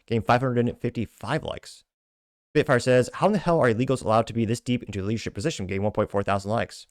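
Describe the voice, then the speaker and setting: A man hosting a talk show, reading social media comments aloud with wry asides and quick self-corrections. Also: medium pitch, no room sound, studio quality. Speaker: podcast host.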